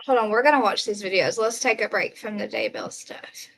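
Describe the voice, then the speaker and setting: A woman's voice: medium pitch, animated, fairly quick, fairly bright tone. A woman hosting a casual livestream, chatting to viewers, reading out their comments and exclaiming at what they send. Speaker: livestream host.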